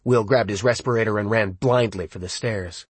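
A man reading a suspenseful novel aloud as an audiobook, in a measured, dramatic storytelling style. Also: on the low side, slightly rough, dry recording. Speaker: audiobook narrator.

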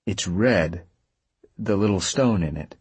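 A man voicing a kind young man who talks plainly and gently, a little awkward. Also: low voice, slow pace, husky, dry recording, heavily acted. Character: steady, kind young man talking to a ghost.

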